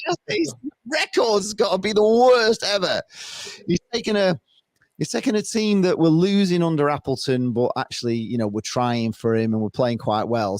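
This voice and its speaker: A man appearing as a podcast guest, talking football in a rambling, animated way and laughing often. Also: medium pitch, dry recording, clean studio sound. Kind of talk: casual football chat.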